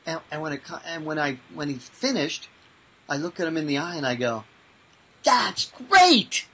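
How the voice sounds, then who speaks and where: A man who works as a mental toughness trainer, answering interview questions and telling lively anecdotes with acted-out voices. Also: fairly high pitch, a little fast, husky, poor audio. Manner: animated, acts out voices in anecdotes.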